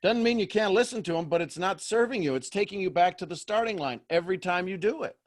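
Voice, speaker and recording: High-voiced man coaching with rapid questions. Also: lively intonation. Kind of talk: coaching call.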